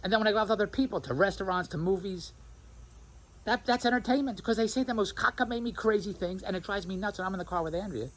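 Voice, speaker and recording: A man in a rambling, animated vlog monologue who keeps imitating other people's voices as he tells his stories. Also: sits high, fast, poor audio. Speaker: vlogger. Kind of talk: rambling self-recorded monologue.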